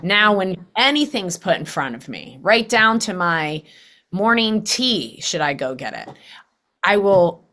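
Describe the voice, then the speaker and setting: A woman's voice: medium pitch, big pitch swings, measured pace, pushed and bright. A middle-aged woman hosting a podcast, talking casually and animatedly, acting out quoted voices. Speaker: podcast host. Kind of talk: casual conversational interview.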